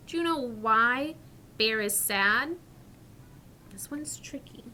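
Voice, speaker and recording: Slow, bright-voiced woman teaching children. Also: on the high side, lively intonation, slight background noise. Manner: slow, clearly articulated, questioning. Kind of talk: children's story reading lesson.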